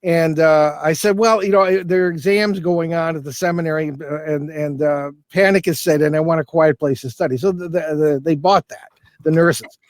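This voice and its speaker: A man's voice: on the high side, steady tone, moderate pace, dry recording. An older man, a guest in an interview, telling a long anecdote in a loose, rambling way with many restarts and fillers. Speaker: guest, paranormal investigator. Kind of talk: casual storytelling interview.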